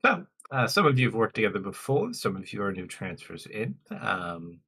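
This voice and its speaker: A man plays a formal, fussy guildmaster in a tabletop game, stopping often on ums and uhs. The voice swings widely in pitch as he talks. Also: very animated, vocal fry, pushed and bright, slightly rough, exaggerated voice. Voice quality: halting, full of ums and uhs.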